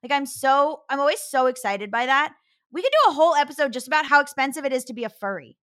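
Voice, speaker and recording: A woman's voice: sits high, expressive, quick pace, fairly bright tone. An American woman in her thirties hosting a podcast in casual chat, talking with lots of fillers. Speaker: podcast host.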